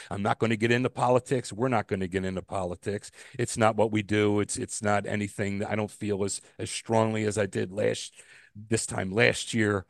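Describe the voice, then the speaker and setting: A man co-hosting a podcast, rambling and animated, swearing freely as he rants. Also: fairly low pitch, no room sound, clean studio sound. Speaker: podcast co-host. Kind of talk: casual podcast rant.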